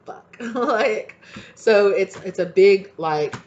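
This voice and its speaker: A woman's voice: medium pitch, slow pace, a little mellow, highs cut off. A young adult woman, a tarot reader, talking casually to camera in a heated, passionate rant with swearing.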